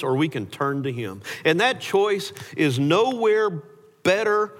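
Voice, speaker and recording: A man preaching a sermon, animated, his voice rising sharply when he voices quoted words. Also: medium pitch. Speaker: pastor. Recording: hall reverb.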